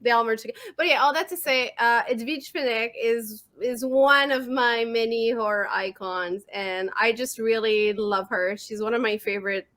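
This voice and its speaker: A woman with a French accent, co-hosting a podcast in casual chat, animated and giggly with quick asides, on a remote call mic. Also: on the high side. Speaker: podcast co-host.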